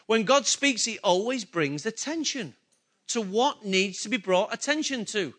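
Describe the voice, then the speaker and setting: A man's voice: sits high, animated, a little slow, bright, forceful tone. A male pastor preaching a sermon, emphatic and full of rhetorical questions to his congregation.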